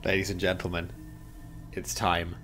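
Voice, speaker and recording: Chatty male streamer, fairly low voice. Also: monotone, moderate pace, a bit bright, faint music behind. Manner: chatty, laughs often. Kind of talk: casual chat while gaming.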